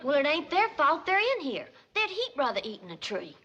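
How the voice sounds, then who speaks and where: A woman's voice: high-pitched, wildly swooping pitch, a little fast, very noisy, heavily acted. An actress playing a sweet young country girl who speaks in an earnest, simple rural Southern drawl, on muffled old TV sitcom audio.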